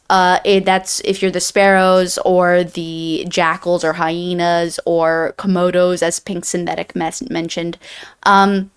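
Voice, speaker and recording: A woman's voice: on the low side, clear, resonant tone. A woman co-hosting a book review podcast, summarizing the plot in casual chat, rambling with many restarts and fillers.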